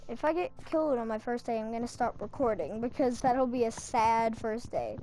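A woman's voice: fairly high pitch, animated, moderate pace, noisy background. A young woman giving rambling, self-mocking commentary while playing a game. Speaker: gaming channel host. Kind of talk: casual Minecraft commentary.

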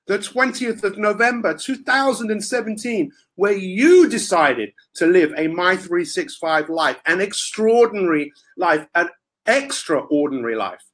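A man giving an energetic, playful motivational talk as a coach, with theatrical chants and asides. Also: high-pitched.

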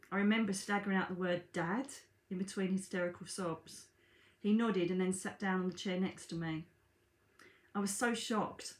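A woman reads aloud from her own book in a plain, middle-pitched voice, now and then stopping to chat with her viewers and call them darlings. The sound rings with the echo of a bare room. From Britain. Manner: chatty asides to viewers, calls them darlings. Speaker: psychic medium and author. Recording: echoey room.

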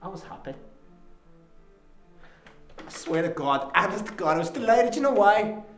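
A man's voice: sits high, animated, moderate pace, faint music behind. A man playing a bitter son, raw and profane. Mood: anguished. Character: bitter troubled adult son confronting his father. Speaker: actor in a dramatic monologue. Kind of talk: dramatic film monologue. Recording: roomy echo.

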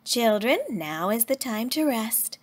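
A woman voicing a patient, kindly female schoolteacher who speaks clearly, as if explaining a lesson. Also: on the high side, sing-song, measured pace. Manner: clear and instructive.

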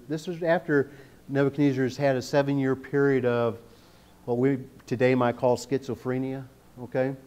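A man giving a sermon in a church, reading scripture and explaining it in a relaxed, joking way, often checking in with the congregation. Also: mid-range voice. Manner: conversational, jokey, often checks in with "okay?". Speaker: guest preacher. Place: church sanctuary.

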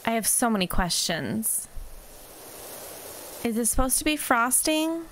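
A woman's voice: on the high side, very animated, a little slow, fairly bright tone, slight background noise. A young woman chatting casually and rambling while she plays a video game. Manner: chatty, rambling, self-deprecating. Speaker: gaming vlogger. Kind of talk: casual chat while gaming.

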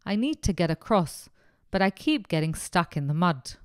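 A woman voicing a stuck dog in a storybook reading, loud and distressed. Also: lowish voice, big pitch swings, moderate pace, smooth, no room sound, studio quality. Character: stuck, howling dog in a bog.

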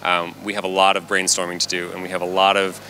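A man's voice: low-pitched, monotone, quick pace, bright, forceful tone, slight background noise. A man hosting a conference workshop, upbeat and thankful, with some fillers. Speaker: session host.

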